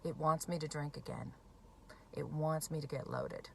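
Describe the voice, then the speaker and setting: A woman's voice: deep voice, lively intonation, moderate pace, vocal fry, a bit bright, slight background noise. A woman in recovery from alcoholism talking bluntly and emphatically to camera, swearing freely. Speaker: recovering alcoholic speaking on addiction. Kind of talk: direct-to-camera talk.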